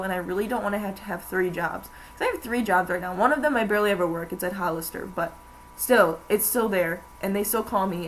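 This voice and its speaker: A woman's voice: medium pitch, poor audio. Young woman, rambling casual vlog talk, filler-heavy, faint hiss behind. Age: young adult. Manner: rambling, chatty, many fillers. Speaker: vlogger. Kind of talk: casual chat.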